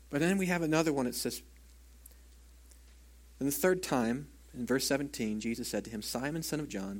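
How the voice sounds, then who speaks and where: A man preaching a sermon in an earnest, conversational way, sometimes dropping to a hushed voice and often asking his listeners "right?". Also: medium pitch, normal speed, pauses often. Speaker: pastor.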